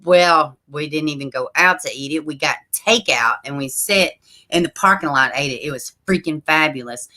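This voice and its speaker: A woman hosting a casual livestream, chatting straight to her viewers and reading their comments aloud, with soft asides under her breath. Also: sits low, normal speed. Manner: frequent soft asides while fiddling with links. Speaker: livestream host.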